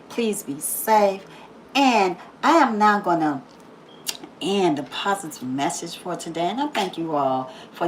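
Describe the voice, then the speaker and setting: A woman hosting a daily positive-message video, talking casually, laughing often and repeating phrases for emphasis, then softening into slow prayer. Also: medium pitch, a little hiss or hum, rough recording. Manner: drops to a soft, slow prayerful tone. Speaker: YouTube host giving a daily positive message. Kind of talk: casual inspirational monologue.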